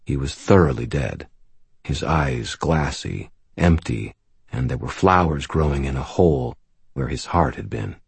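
A man narrates a first-person story in an extremely deep, husky voice. His delivery is even and steady, with a few dry asides. The recording is close and completely dry. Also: measured pace, dry recording. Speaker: audiobook narrator.

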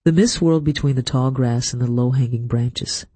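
A man narrating an audiobook in a steady, measured storytelling manner. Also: medium pitch, breathy edge, no room sound. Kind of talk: scripted narration.

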